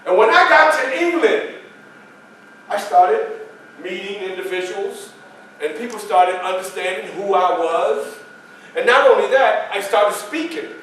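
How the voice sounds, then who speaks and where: A historical reenactor plays Frederick Douglass, an adult male statesman recounting his life, in an earnest first-person stage monologue with emphatic, dramatic pauses. His voice is high, expressive and a bit bright, with a little hiss or hum. Performed before a live audience in a library meeting room, it's captured by a far camera, so the sound is echoey and distant with faint ambience.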